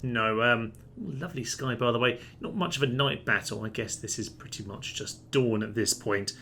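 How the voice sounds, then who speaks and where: Wry, bright-voiced man. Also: medium pitch, moderate pace, a little hiss or hum. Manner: chatty, wry, dry humour. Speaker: let's play host. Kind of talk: strategy game commentary.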